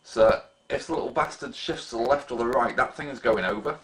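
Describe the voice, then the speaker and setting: A man in loose, casual stream chat. He tells stories full of swearing and laughter, at an ordinary middle pitch. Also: fairly quick, fairly bright tone, low-quality recording. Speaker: live stream participant.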